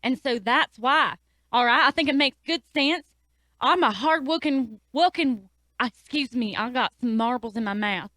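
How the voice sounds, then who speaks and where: A woman puts on a brash businesswoman who rambles and talks tough. Her voice is high and bright. The recording is dry and close, from a comedy radio studio. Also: normal speed, dry recording. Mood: sassy. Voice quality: sassy, rambling, tough-talking. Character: brash, scatterbrained woman dating-site boss. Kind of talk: improv comedy acting.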